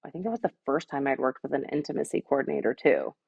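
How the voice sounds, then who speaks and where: Gravelly low-voiced woman in casual chat. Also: fast talker, dry recording, lo-fi sound. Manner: chatty, filler-heavy, warm storytelling. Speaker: actress, podcast guest.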